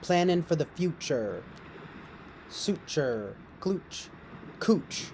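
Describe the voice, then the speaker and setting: A man's voice: a little high, sing-song, extremely slow, noisy background. Goofy, profane young man streaming. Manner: goofy and profane, laughing often, improvising silly raps. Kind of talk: rambling late-night stream chatter. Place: on a couch at home.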